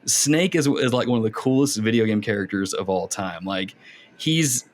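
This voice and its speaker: A man hosting a casual gaming podcast, telling stories with lively reenactments of his younger self. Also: on the low side, moderate pace, a little hiss or hum. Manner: animated storytelling, acts out his younger self. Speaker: podcast host.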